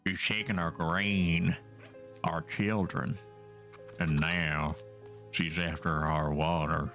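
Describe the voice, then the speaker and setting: A man voicing a superstitious old village man in a game, blaming a witch in a slow, ominous drawl. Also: deep voice, flat delivery, a bit bright, faint music behind, voice pushed down, full character voice.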